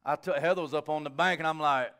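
With a slightly high voice and a quick pace, this middle-aged pastor preaches informally. His storytelling stays conversational, punctuated by abrupt flashes of enthusiasm.

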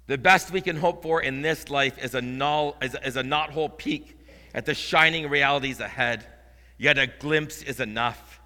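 A male interim pastor preaching a sermon, moving between quiet, earnest storytelling and loud, fervent proclamation. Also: mid-range voice. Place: church sanctuary. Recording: church hall reverb.

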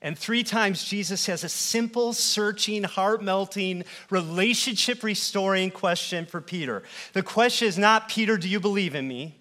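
A man with a fairly high voice delivers an earnest sermon in a church. He builds his points through repetition, then drops to hushed tones to let them land. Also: normal speed, hardly any pauses. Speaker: pastor.

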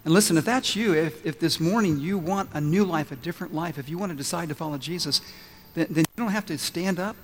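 A man preaching a sermon as pastor, earnest and building to emphatic repeated lines before softening into prayer. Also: on the high side, fast, big-room sound, a little hiss or hum. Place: church sanctuary.

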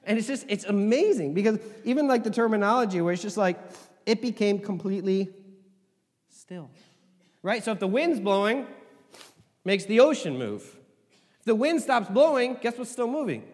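A man preaching a sermon as pastor, conversational and animated, with asides. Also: high voice, moderate pace, long pauses. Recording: hall reverb.

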